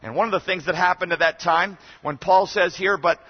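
A man preaching a sermon as a guest speaker in a chapel, urging and exhorting his listeners with emphatic, sometimes shouted lines. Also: high voice, fairly even intonation, fairly quick, in a large hall, lo-fi sound.

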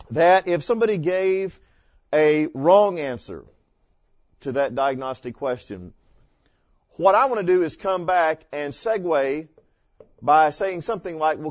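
A man's voice: fairly high pitch, no echo. A man teaching an evangelism class in a conversational lecture style, punchy and full of rhetorical questions. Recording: dull dry lo-fi lecture recording.

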